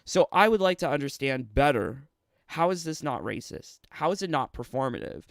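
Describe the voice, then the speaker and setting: A man's voice: mid-range voice, lively intonation, normal speed, gravelly, no echo, clean studio sound. A man with a Canadian accent, streaming and ranting casually, sarcastic and laughing often between phrases. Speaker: streamer and commentator. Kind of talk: casual livestream rant.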